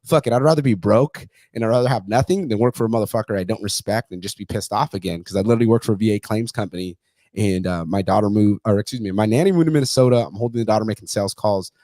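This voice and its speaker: A man's voice: lowish voice, fast talker, dark tone, no echo. A man in his thirties hosting a podcast, telling stories in a blunt, fired-up way and swearing constantly. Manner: blunt, heavily profane storytelling; intense, fired-up delivery. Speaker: podcast host. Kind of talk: casual podcast conversation.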